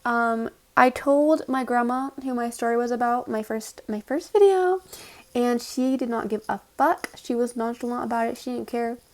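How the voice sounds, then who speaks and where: A woman's voice: on the high side, normal speed, a little mellow. A young woman telling a casual storytime vlog, sarcastic and swearing freely. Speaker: vlogger.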